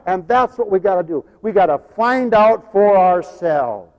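A male preacher delivering a dramatic sermon, swinging from loud proclaiming to near-whispered storytelling. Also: high-pitched, animated, measured pace, hardly any pauses, lo-fi sound. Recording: long hall reverb.

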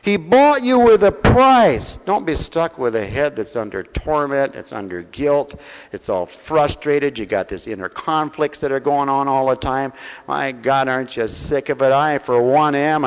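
A man's voice: medium pitch, normal speed, clean tone. A man preaching a folksy sermon in a mission hall, coaxing listeners with questions and calling them honey. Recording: dull reverberant hall recording.

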